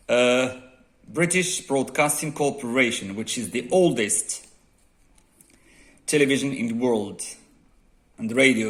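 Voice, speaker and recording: Slow, deliberate Moroccan teacher. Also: male voice, medium pitch, a bit bright. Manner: slow, deliberate dictation, reading sentences word by word. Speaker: English teacher. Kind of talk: exam correction lesson.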